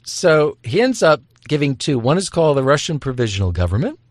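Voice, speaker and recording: A man answering an interview question, explaining historical events in a measured, explanatory way. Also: on the high side, very animated, no room sound, clean studio sound.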